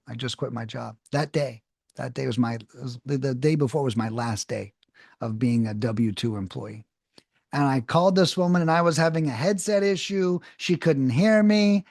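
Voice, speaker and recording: A man's voice: medium pitch, creaky, a little mellow, dry recording, studio quality. A man in his thirties teaching a cold calling course in a direct, coaching way, often checking in with "okay?". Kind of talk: casual instructional talk.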